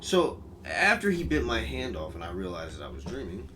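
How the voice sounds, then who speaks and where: Man, crude rambling comedic storyteller, swinging wildly in pitch, distant mic, music bed. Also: brisk, a little hiss or hum. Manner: profane, animated and rambling.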